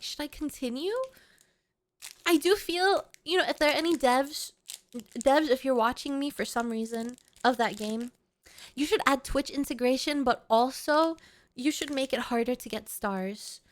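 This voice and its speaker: A woman streamer chatting casually with her viewers at home, playful, giggly and rambling. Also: sits high. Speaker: VTuber streamer. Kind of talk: casual livestream chat.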